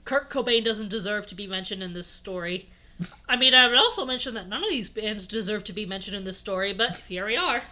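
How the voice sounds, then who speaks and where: A woman's voice: mid-range voice, a little fast, pushed and bright. A woman reading a fanfic aloud as host, breaking off for wry asides. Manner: reads aloud with frequent wry asides and laughter. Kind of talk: comedic dramatic reading.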